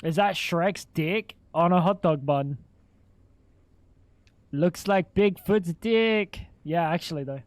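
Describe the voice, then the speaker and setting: A young man with a high-pitched voice chats casually on a live stream, cracking crude jokes and swearing as he reacts in disbelief. His voice is close and dry, with no room sound around it. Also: slow, pauses often, dry recording.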